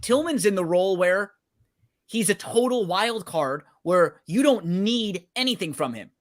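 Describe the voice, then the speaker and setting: A man's voice: sits high, lively intonation, a little slow. A man co-hosting a sports betting show, talking through teams and schedules in a conversational way and often checking in with his partner. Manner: conversational, checks in with tag questions. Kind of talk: casual sports betting analysis.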